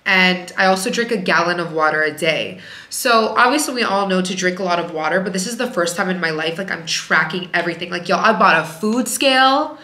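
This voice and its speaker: A woman's voice: fairly low pitch, animated, brisk, pushed and bright. A woman talking frankly to camera as a working-mom vlogger, in a chatty way that leans on "like" a lot. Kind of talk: candid casual vlog talk. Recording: echoey room.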